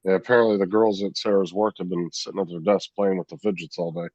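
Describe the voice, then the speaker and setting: A man in casual chat, talking in a low-key, matter-of-fact way over a muffled, distant line. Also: steady tone, quick pace, darkish tone, no echo.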